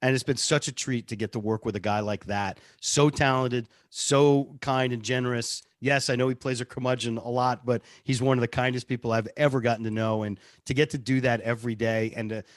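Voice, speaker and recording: A man's voice: mid-range voice, steady tone, fairly quick, hardly any pauses, no room sound, clean studio sound. A man, a radio producer, telling stories casually in an interview, chatty and self-deprecating. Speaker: radio show producer and on-air personality.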